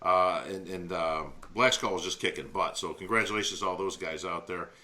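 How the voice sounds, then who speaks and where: A podcast co-host with a low, bright voice talks a little fast in a forceful tone. His casual chat is laid-back, and he often says "bro".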